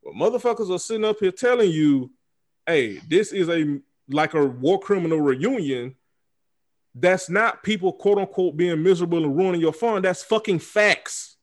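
A man's voice: high-pitched, expressive, normal speed. A man hosting a podcast, speaking in a heated, profane, repetitive casual rant. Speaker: podcast host. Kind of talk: casual chat.

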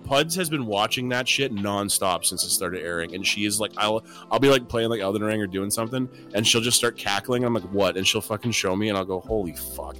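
A lower-pitched man with a bright, forceful voice chats on a casual podcast. He tells rambling stories, laughs often and drops into a quiet mumble to imitate people. Light music plays faintly behind him. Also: fast talker, hardly any pauses. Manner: laughing storyteller, mimics a mumbling witness in a low quiet voice. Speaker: podcast co-host. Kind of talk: casual chat.

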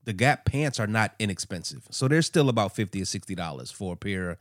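A man's voice: fairly low pitch, animated, quick pace, no room sound, studio quality. A man co-hosting a podcast, telling stories in a loose, rambling way with lots of fillers. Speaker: podcast co-host. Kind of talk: casual chat.

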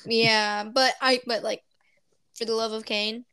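A woman's voice: a little high, level tone, measured pace, pushed and bright, clean tone, no echo. Supportive woman co-host, dry close sound. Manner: supportive, laughs easily, short replies. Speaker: podcast co-host. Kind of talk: casual chat.

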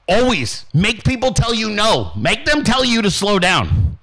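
A man hosting his own show delivers a brash, profane motivational rant, swearing constantly and acting out the voices of people he quotes. His voice is high, very animated and fairly bright in tone, a little slow, on a rough recording.

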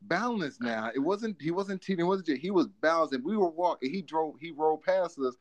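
A man in casual chat who rambles, repeats himself and gets loud with excitement. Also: fairly high pitch, normal speed, no room sound.

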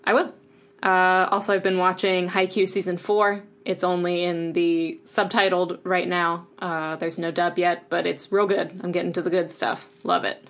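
A woman's voice: fairly low pitch, little pitch movement, normal speed, fairly bright tone. A woman co-hosting a podcast in casual, rambling chat, upbeat with lots of fillers. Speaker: podcast co-host.

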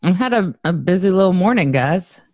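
A woman's voice: fairly low pitch, expressive, brisk, a little mellow, no echo. A woman co-hosting a podcast in casual chat, rambling and chatty as she promotes her project. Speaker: podcast co-host.

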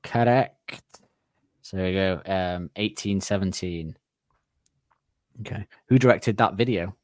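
A man's voice: sits low, unhurried, darkish tone, no room sound, studio quality. Chatty English man hosting a quiz. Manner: chatty, laughs often, teasing. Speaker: podcast host running a quiz. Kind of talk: casual quiz chat.

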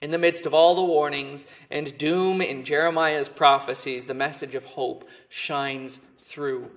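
A man's voice: fairly high pitch, fairly even intonation, unhurried, fairly bright tone. A man preaching a sermon as pastor, earnest and emphatic, with phrase endings that fall away.

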